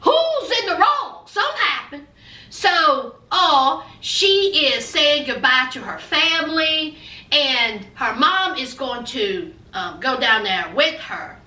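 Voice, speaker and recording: A very high, sharply bright woman's voice delivering sassy, teasing gossip about a reality show. She talks playfully and freely, like a regular host. The sound is echoey, with her some distance from the mic. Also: big pitch swings, slow. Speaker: reality TV reviewer. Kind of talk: casual gossip commentary.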